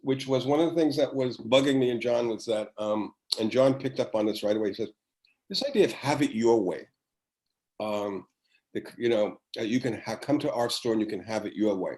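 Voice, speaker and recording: A man's voice: on the low side, fairly quick, poor audio. An older man, a former children's TV writer, chatting as a podcast guest and telling rambling stories with many restarts over a video call. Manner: rambling, warm storytelling with restarts. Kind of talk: casual chat.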